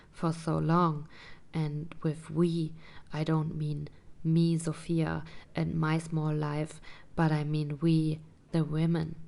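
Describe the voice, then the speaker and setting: A woman talking through her personal experience in a reflective vlog, hesitant and searching for words, sometimes dropping to a soft whisper. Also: low-pitched, gravelly. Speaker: vlogger.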